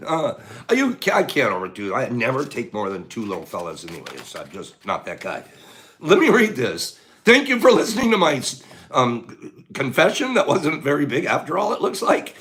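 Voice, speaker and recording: Lively man hosting a chatty livestream. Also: medium pitch, moderate pace. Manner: swings from hushed whispers to loud laughing outbursts; chatty and playful, reads viewer comments aloud. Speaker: livestream host. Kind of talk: casual livestream chat with viewers.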